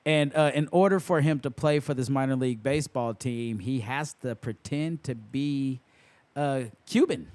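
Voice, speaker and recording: A man's voice: mid-range voice, moderate pace. A man co-hosting a film podcast, talking casually with lots of fillers and laughs. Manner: animated, laughs often, many fillers. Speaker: podcast co-host.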